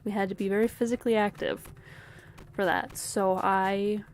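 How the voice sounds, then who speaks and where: Young woman game streamer: rambling, wry, mid-pitched, muttered asides between chatter. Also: steady tone, normal speed. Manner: wry, with frequent soft laughs and muttered asides. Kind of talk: casual gameplay commentary.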